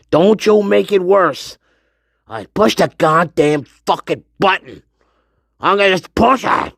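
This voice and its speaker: Male livestream host, slow and profane, lively pitch, dry close sound. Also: vocal fry, dry recording. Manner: profane, rambling, laughs often. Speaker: host of a one-man show. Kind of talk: casual livestream chat.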